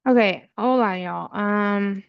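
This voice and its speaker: A woman's voice: mid-range voice, slow pace, gravelly, smooth, no echo, dull audio. A woman vlogging while coding, muttering to herself and her viewers in growing frustration. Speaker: tech vlogger. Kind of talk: casual talk while coding.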